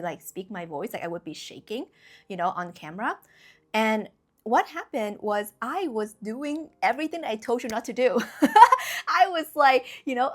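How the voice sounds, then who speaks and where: A woman's voice: a little high, lively intonation, normal speed. A young woman talking casually and bluntly to camera as a spiritual YouTuber, emphatic, with lots of fillers. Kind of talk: casual direct-to-camera talk.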